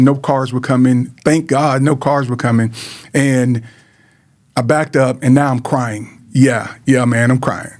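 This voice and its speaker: A man's voice: fairly high pitch, a little mellow. Earnest middle-aged man telling his story. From Georgia, US. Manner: earnest, repeats words, addresses listeners as man and guys. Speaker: host sharing personal story. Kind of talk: emotional personal testimony.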